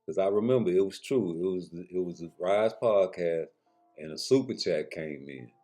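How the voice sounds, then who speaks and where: A man's voice: sits low, lively intonation, normal speed, dark tone, faint music behind. A man giving a blunt, slangy boxing commentary rant straight to his viewers, with profanity.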